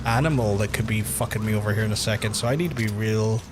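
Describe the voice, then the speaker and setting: A man's voice: lowish voice, quick pace, noisy background. Sweary man chatting through a gameplay stream. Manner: rambling, sweary, chatty asides to chat. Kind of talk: casual gameplay livestream commentary. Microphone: close to the mouth.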